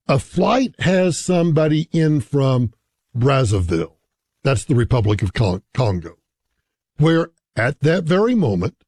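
Male talk radio host, middle-aged, lively pitch, dry close studio sound, emphatic. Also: dry recording. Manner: conversational, emphatic, repeats key phrases.

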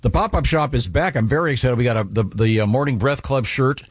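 A man co-hosting a morning radio show, talking casually with many halting fillers. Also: mid-range voice, no room sound.

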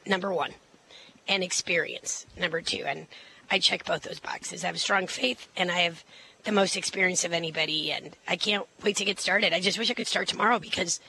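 A middle-aged woman running for office, answering interview questions confidently and quickly, with many fillers and restarts. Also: on the low side, fairly even intonation, sharp tone, a little hiss or hum, poor audio. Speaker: mayoral candidate.

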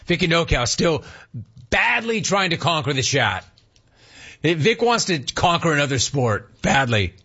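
A man's voice: a little high, big pitch swings, measured pace, pushed and bright, husky. A man hosting a sports talk show, ranting with rhetorical questions and reading out chat comments. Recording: dull lo-fi sound.

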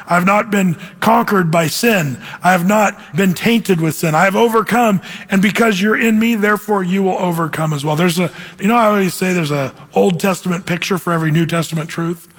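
A man preaching a sermon as pastor, lively and animated, acting out quoted voices. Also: high voice. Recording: hall reverb.

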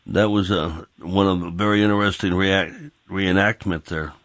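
A man's voice: deep voice, steady tone, moderate pace, fairly bright tone, dry recording, clean studio sound. A man hosting a talk radio show, rambling in a folksy way with frequent restarts.

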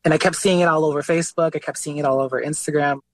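A man being interviewed as a guest artist, telling his story in a relaxed, casual way, often saying "like" and "you know". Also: fairly high pitch, rapid-fire, no echo, low-quality recording.

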